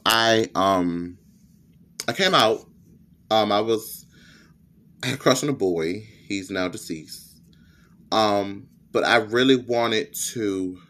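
A man's voice: lowish voice, a bit bright. A young man with a lisp, hosting a candid, profane personal podcast monologue. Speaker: podcast host.

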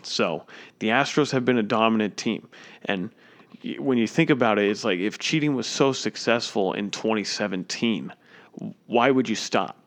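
A man's voice: fairly low pitch, moderate pace. A man giving an opinionated, emphatic sports commentary, indignant and repeating his points.

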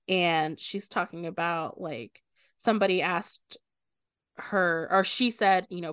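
A woman's voice: fairly low pitch, normal speed, dry recording, studio quality. Casual woman retelling a book plot. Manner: animated retelling, quoting characters with bursts of swearing. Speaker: podcast co-host.

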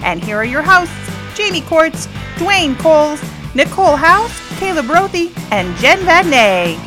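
High sing-song intro announcer over music. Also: very animated, a little slow.

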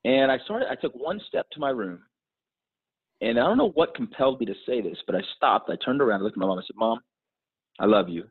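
A middle-aged man telling an earnest, reflective personal story as an interview guest, restarting his sentences often, his voice husky. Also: medium pitch, big pitch swings, fast talker. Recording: tinny phone-like line.

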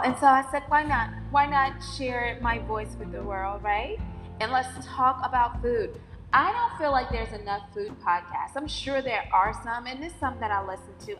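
A woman's voice: mid-range voice, big-room sound. Bubbly Southern woman hosting a podcast. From North Carolina. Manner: chatty, emphatic, bubbly. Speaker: podcast host. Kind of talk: casual solo podcast monologue.

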